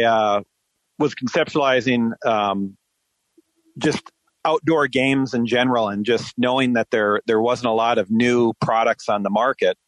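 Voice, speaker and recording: A man in his forties speaks as a podcast guest, easygoing and chatty. He tells his story at an even, mid-range pitch with plenty of ums and uhs, in a dry, close sound. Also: no room sound, low-quality recording. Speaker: podcast guest, company founder. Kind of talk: casual interview answers.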